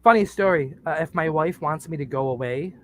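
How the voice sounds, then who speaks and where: A man's voice: on the high side, brisk, slight background noise. A man on a podcast telling crude, joking stories in casual chat, laughing at his own jokes. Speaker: podcast co-host.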